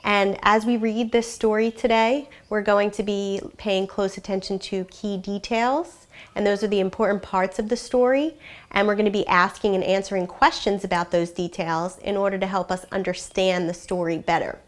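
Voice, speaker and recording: A kindergarten teacher reading a picture book to young children in an even, middle-pitched woman's voice. She explains slowly and gently and keeps asking questions to guide the little listeners. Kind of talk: read-aloud lesson for young children.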